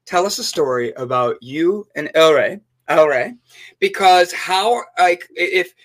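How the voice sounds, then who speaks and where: Male host, casual joking chat, slightly high and bright, rambly delivery. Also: expressive, a little slow. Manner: playful, joking, rambling with restarts.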